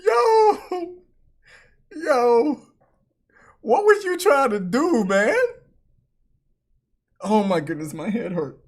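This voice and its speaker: A woman hosting a reaction video, talking through clips with frequent laughter and loud exclamations. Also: fairly high pitch, expressive, slow pace, pauses often, slightly rough. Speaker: channel host.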